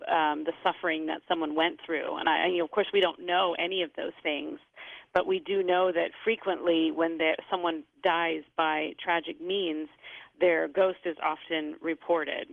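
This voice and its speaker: A woman's voice: sits low, flat delivery, moderate pace, vocal fry, dry recording. A woman author, a guest on a radio show, speaking thoughtfully and hesitantly. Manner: thoughtful, with many fillers and restarts. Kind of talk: radio interview. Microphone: telephone. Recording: tinny phone line.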